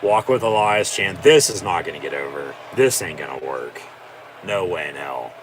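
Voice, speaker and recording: A man with a fairly low voice talks through a live watch-along, swearing often and mocking what he sees. He sounds exasperated and sarcastic. A faint steady hum sits under the recording. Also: normal speed. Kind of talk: live reaction commentary.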